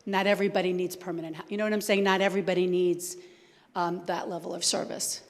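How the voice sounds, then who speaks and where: A woman with a New Jersey accent, speaking quickly and conversationally as a guest speaker answering audience questions. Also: lowish voice, little pitch movement. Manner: fast-talking, conversational. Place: church hall. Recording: reverberant hall.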